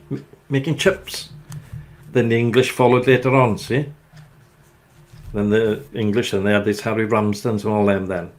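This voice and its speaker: An older man with a Welsh accent, hosting a casual chat and telling rambling, jokey stories. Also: lowish voice. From Wales. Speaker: host.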